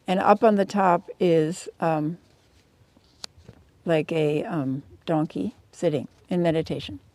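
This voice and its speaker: A woman Zen teacher giving a calm, measured, gently earnest dharma talk in a meditation hall. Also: on the low side.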